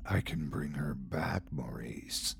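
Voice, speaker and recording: A man voicing a sly, menacing uncle in a low, hushed whispered role-play. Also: wildly swooping pitch, measured pace, exaggerated voice. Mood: coaxing.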